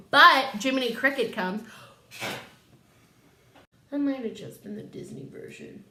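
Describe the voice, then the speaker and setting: A woman's voice: fairly high pitch, a little slow, bright, forceful tone. A woman vlogger retelling a story in casual comic style, rambling with slang and filler words. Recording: echoey room.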